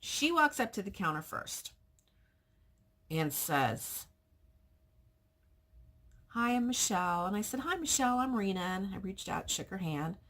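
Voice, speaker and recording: A woman vlogger who works as a pet groomer, retelling a customer encounter in a casual, animated way and acting out both sides of the conversation. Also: mid-range voice, measured pace, pauses often. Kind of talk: casual storytelling vlog.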